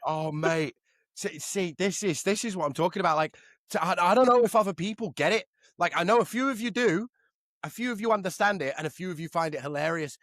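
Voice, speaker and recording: A man co-hosting a podcast, trading animated, sweary banter in casual chat. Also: high-pitched, brisk, dry recording, clean studio sound. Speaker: podcast co-host.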